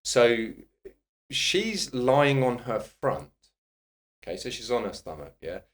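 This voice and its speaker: Animated man telling a story. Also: medium pitch, slow. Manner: animated, swearing, laughing storyteller. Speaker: podcast guest, personal trainer. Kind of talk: casual anecdote telling.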